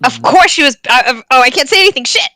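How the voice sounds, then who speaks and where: A woman's voice: sits high, expressive, fast, bright, forceful tone. A woman playing a tabletop role-playing game in casual chat, talking hesitantly with frequent "like". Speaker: player.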